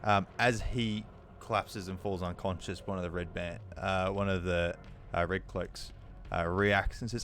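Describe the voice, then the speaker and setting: A man narrating as dungeon master of a tabletop game, talking loosely with many fillers and pauses. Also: sits low, steady tone, fairly bright tone, a little hiss or hum.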